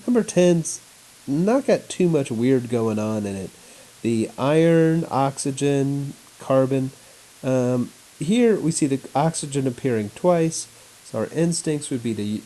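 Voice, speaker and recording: Man teaching in a flat announcer voice. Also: medium pitch, low-quality recording. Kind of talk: recorded chemistry lesson. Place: at home. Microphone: laptop mic.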